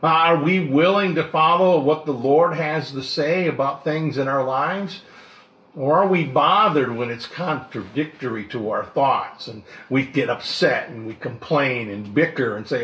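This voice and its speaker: A man's voice: medium pitch, a little slow, fairly bright tone, roomy sound. A male pastor preaching a sermon in a conversational way, often asking the congregation questions.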